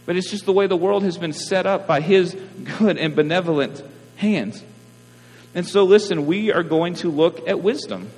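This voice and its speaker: Pastor, male, casual conversational sermon style, slightly high voice, echoing hall with a low mains hum. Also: normal speed, a little mellow. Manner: conversational preaching with frequent "right?" asides.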